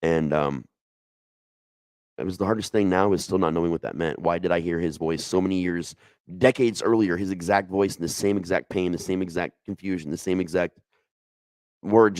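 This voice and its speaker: A man's voice: low-pitched, moderate pace, darkish tone, no room sound. A middle-aged man telling a personal ghost story in a casual, emotional way, with frequent restarts and asides.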